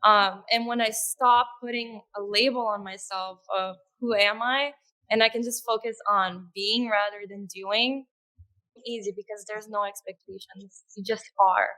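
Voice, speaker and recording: A woman speaking as a podcast guest in an earnest, conversational way, with soft laughs and fillers. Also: medium pitch, fairly even intonation, unhurried. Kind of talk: conversational interview.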